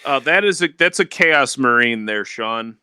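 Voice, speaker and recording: A man co-hosting a casual gaming stream, telling animated, profane stories. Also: mid-range voice, unhurried, clear, resonant tone, no echo, studio quality. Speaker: stream co-host.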